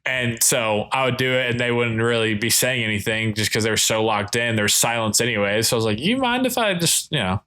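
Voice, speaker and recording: A man with a bright, forward voice in casual podcast chat. He rambles easily from story to story and trails off with self-conscious laughs. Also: mid-range voice, animated, fairly quick, hardly any pauses. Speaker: podcast co-host.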